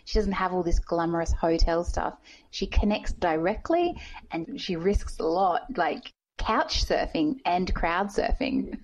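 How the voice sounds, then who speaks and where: A woman's voice: on the low side, animated, a little slow. A woman podcast host in casual interview chat, earnest and thinking aloud. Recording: dull lo-fi recording.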